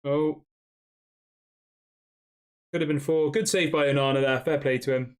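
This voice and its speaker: A man's voice: on the high side, fairly even intonation, unhurried, clear, resonant tone. A young man chats through a live football stream, reading out viewers' messages and answering them. His talk is loose and conversational, full of "um" and "yeah" as he thinks aloud. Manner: conversational, reads chat questions aloud, frequent fillers. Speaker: live stream host reading fan chat. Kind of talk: casual match reaction live stream.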